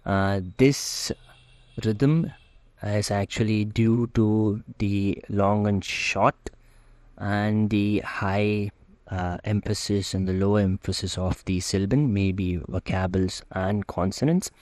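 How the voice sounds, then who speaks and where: Slow, low-voiced man lecturing. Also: fairly even intonation, darkish tone, no room sound. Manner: slow, hesitant, many "uh" fillers. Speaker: German language teacher. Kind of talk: slide-based lecture.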